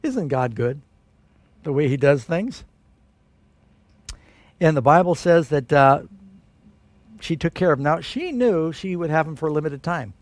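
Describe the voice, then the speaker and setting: Guy preaching a sermon, kinda high voice, lively storytelling, dry close sound. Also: unhurried, long pauses, no room sound. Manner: storytelling, animated, rises high for emphasis.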